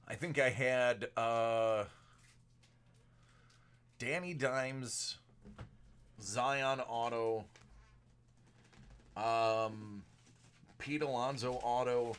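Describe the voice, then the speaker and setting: A man's voice: medium pitch, drawn-out words, long pauses, smooth. A man hosting a live card break, calling out player names as he opens packs, with a sore throat that leaves him short of breath and unable to project. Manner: rattles off card names, bursts of excitement at big pulls.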